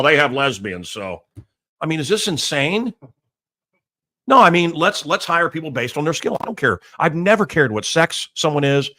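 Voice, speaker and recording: A middle-aged American man hosting a talk show, ranting loudly and crudely in a rambling, blustery way. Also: on the high side. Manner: loud, blustery and crude, with mocking put-on voices. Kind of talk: rambling political rant.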